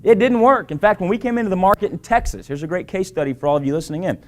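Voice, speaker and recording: A man's voice: high voice, animated, very fast. A man giving an emphatic sales presentation to a live audience, repeating key phrases and checking in with "right?" and "okay?". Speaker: business presenter.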